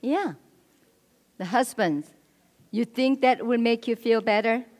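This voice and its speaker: A woman's voice: fairly high pitch, slow pace, darkish tone. A woman giving a marriage seminar talk in church, instructive, often checking in with the audience with "right?". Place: church hall. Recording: echoey hall.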